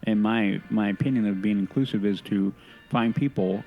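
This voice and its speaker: A low-pitched man talking through a podcast in casual conversation. He gets earnest and opinionated, stumbling and restarting his sentences as he works out his point. Faint music sits underneath. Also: a little mellow. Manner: halting, many restarts and self-corrections. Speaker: podcast co-host. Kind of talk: casual chat.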